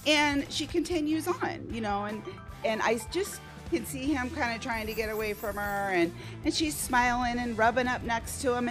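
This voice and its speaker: Lady streaming slots from home, super lively sing-song voice, faint game music behind. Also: on the high side. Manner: animated, excitable, laughs often, acts out quotes. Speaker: slot streamer host. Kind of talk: casual storytelling to a live chat.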